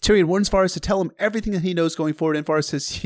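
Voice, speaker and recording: A man's voice: on the high side, quick pace, hardly any pauses, dry recording, clean studio sound. Sarcastic man recapping a book. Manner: sarcastic, profane and joking. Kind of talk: casual recap with read-aloud quotes.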